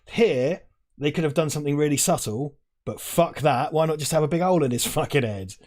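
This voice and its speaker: A man's voice: on the high side, fairly quick, a little mellow. A man riffing casually on a film he is watching, his thoughts wandering and peppered with swearing. He laughs often and talks into a lapel mic. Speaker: film commentary host. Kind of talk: casual watch-along chat. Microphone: lavalier.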